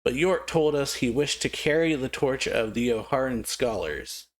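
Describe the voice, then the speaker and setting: A man's voice: mid-range voice, lively intonation, normal speed, lightly acted. A man reading out the lines of a stern elder male official giving a formal report.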